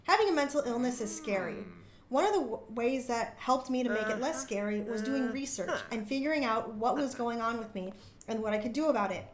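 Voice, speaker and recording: A woman voicing a calm, reflective young woman who talks in an earnest, steady way. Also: fairly high pitch, fairly quick, echoey room, crowd noise, lightly acted.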